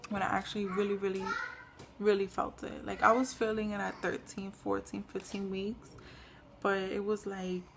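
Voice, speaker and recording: A young woman talks through a casual home vlog at a middle pitch, her voice a little gravelly. She rambles with plenty of fillers and sounds short of breath, over a faint hiss of background noise. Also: little pitch movement, moderate pace. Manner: rambling, lots of "like" and "um". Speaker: pregnancy vlogger. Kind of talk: casual chat.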